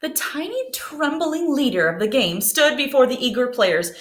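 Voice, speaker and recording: A woman teacher reading a picture book aloud to her students, gently asking them questions along the way. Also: high-pitched, big pitch swings, normal speed. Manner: gentle, asks children questions. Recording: roomy echo.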